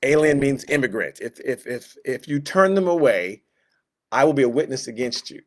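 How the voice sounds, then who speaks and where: A man's voice: medium pitch, animated, a little fast. A man teaching a Bible class in a casual, conversational way, with joking asides and quoted voices acted out. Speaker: Sunday school teacher.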